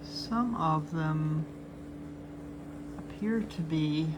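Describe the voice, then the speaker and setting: Speaking very slowly in a low-pitched voice against a noisy background, this older woman runs a chart update show. Her talk is chatty and upbeat as she goes over the charts, and she coos sweetly at her cats.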